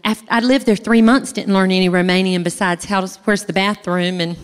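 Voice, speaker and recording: A middle-aged woman from the United States telling a personal story in a lively way, acting out what other people said. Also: medium pitch, fairly quick, smooth. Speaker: speaker sharing a personal testimony. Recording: long reverb of a large hall.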